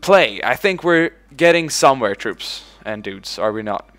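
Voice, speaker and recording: Excitable man narrating a strategy game. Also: unhurried. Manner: excitable, swears casually, shouts "boom" when giving orders; talks to in-game units as if they were his troops. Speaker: let's play host. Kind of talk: casual gameplay commentary.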